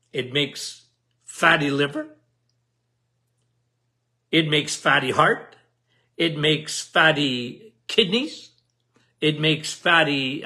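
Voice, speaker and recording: A man's voice: a little high, pushed and bright. A man hosting a health podcast, explaining in an emphatic, repetitive way and asking the listener questions.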